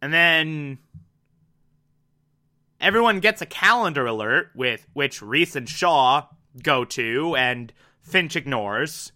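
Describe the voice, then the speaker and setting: A man casually and excitably recapping a TV episode, acting out the characters as he goes. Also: fairly high pitch, slow pace. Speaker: TV show recapper.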